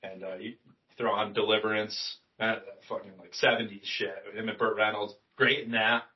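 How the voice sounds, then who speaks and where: A man's voice: fairly low pitch, flat delivery, moderate pace. Laid-back young man, distant mic. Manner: laid-back, swears freely, trails off with fillers. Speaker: podcast co-host. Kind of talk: casual movie discussion podcast. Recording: distant mic, dull lo-fi sound.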